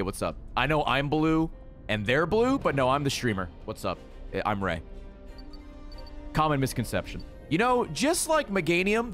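Excitable swearing man, lively voice. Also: mid-range voice. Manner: excitable, swears freely, yells at game creatures. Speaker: gaming streamer. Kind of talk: casual let's-play commentary.

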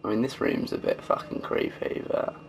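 A man's voice: moderate pace, slight background noise. A man casually commenting as he plays a game, swearing and joking to himself. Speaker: gamer. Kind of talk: let's play commentary.

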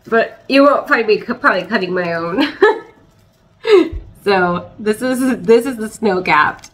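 A young woman chatting excitedly as she unboxes plants, hesitant, with restarts and little laughs. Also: mid-range voice, a little slow, long pauses, poor audio. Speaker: plant channel host. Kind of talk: casual unboxing chat.

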